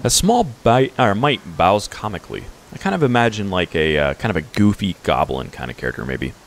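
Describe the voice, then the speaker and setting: A man's voice: lowish voice, very animated, brisk, creaky, slight background noise. A man in his twenties doing casual let's-play commentary, reading dialogue aloud with hesitant fillers. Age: 20s. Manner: hesitant with fillers, chuckling asides.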